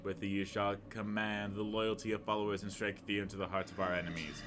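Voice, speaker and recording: A man voicing a low, menacing imprisoned god. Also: level tone, brisk, music in the background, natural voice. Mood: commanding. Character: ancient imprisoned male god, commanding and cold.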